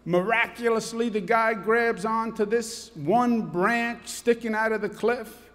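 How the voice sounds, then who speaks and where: A middle-aged man giving an animated, humorous speech to a church congregation. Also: high voice, normal speed. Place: large church. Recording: long echo of a church hall.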